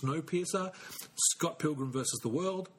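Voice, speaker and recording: A man's voice: on the high side, moderate pace, husky. A man hosting a podcast in casual chat, swearing freely and laughing often. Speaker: podcast host.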